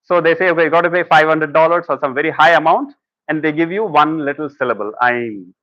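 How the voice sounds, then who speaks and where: Man, lecture on meditation, slightly high voice, dry close sound. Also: fast, dry recording, lo-fi sound. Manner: conversational, storytelling with acted quotes. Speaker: speaker at a talk. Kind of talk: spiritual lecture.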